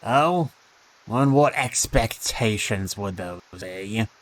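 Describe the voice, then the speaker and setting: Man putting on a stern old father, scornful, clipped scolding, low gruff voice, in a game. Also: animated, takes it slowly, poor audio.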